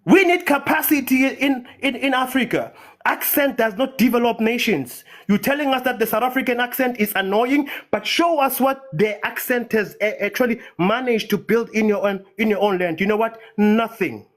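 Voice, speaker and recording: Guy from nigeria going off in an online debate, high voice, fired up and repetitive. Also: moderate pace, fairly bright tone. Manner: impassioned, ranting, repeats words for emphasis. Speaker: debate participant. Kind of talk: heated live audio-room debate.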